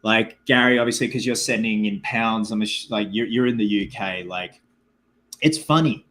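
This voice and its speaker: Australian man, live stream host, casual chatty delivery, deeper voice, lots of filler words. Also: normal speed, fairly bright tone. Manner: chatty, loose, reads out viewer comments; filler-heavy, keeps saying like and man.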